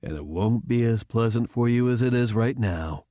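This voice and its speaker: A man voicing a furious retired general who speaks in a low, cold, threatening way. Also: normal speed, mellow, no room sound, studio quality, close to an everyday voice. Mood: menacing.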